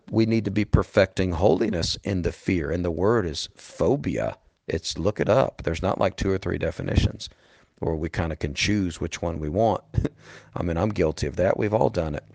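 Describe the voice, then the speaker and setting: A man's voice: lowish voice, gravelly, no echo. A middle-aged man preaching a sermon in an earnest, emphatic way, calling his listeners "beloved".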